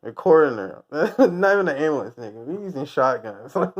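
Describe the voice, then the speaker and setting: A man's voice: on the high side, very animated, fairly quick. Laughing, swearing man on a dull recording. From United States. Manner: rambling, crude, laughs often at own jokes. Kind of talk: casual profane rant.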